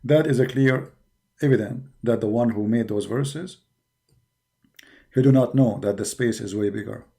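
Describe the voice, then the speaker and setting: A man's voice: mid-range voice, moderate pace, creaky, long pauses, warm tone. A man hosting a livestream who argues in broken English, keeps calling his listeners brother, and speaks in a tired, mocking tone. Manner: mocking, argumentative. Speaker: livestream host. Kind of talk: livestreamed religious critique talk.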